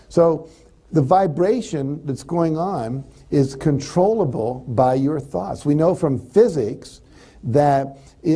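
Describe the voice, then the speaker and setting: A man giving a live motivational seminar, talking to the audience and acting out the thoughts people have. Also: on the high side. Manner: animated, acts out quoted thoughts. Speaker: motivational speaker.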